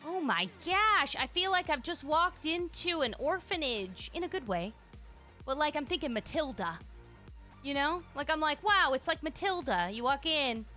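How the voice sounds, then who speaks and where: High, lively gushing woman streamer. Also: moderate pace, faint music behind. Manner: gushing, excitable, thinks aloud. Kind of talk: live game stream commentary.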